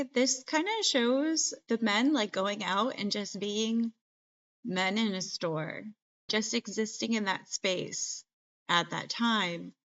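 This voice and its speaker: A woman's voice: medium pitch, fairly bright tone. A woman hosting a podcast, recapping a movie in a chatty, joking way full of "like". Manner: chatty, filler-heavy, jokey. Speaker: podcast host. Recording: dull lo-fi podcast mic.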